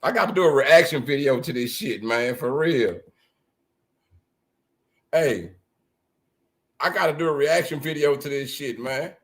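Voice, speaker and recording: A man hosting a live reaction stream, talking loudly and crudely to his viewers in animated banter. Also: medium pitch, unhurried, pauses often. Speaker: livestream host.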